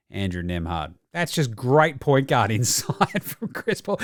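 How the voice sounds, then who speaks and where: A man's voice: mid-range voice, animated, normal speed, clear, resonant tone, no echo, clean studio sound. A man giving casual, profane sports commentary as a podcast host, sarcastic and acting out mock quotes. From Australia. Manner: sarcastic, swears freely, acts out mock quotes.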